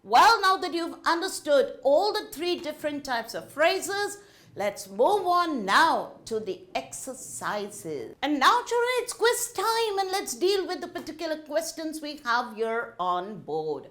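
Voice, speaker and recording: A woman with an Indian English accent teaching a grammar lesson to children in a slow, sing-song teacherly way. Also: sits high, very animated, a bit bright.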